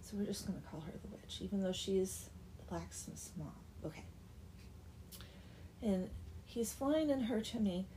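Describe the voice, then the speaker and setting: A young woman retells an old folk tale in a chatty, wry way, often dropping into a whisper for asides. Her voice is warm and mellow, with a faint hiss of noise behind. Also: mid-range voice, animated, moderate pace, long pauses. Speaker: storyteller. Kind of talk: casual comic story retelling.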